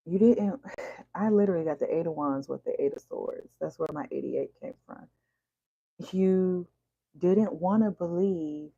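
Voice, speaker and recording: Gravelly woman reading tarot. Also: on the low side, warm tone, no echo, dull audio. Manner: preachy slangy talk, drops to whispers. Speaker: tarot reader. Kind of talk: casual tarot reading monologue.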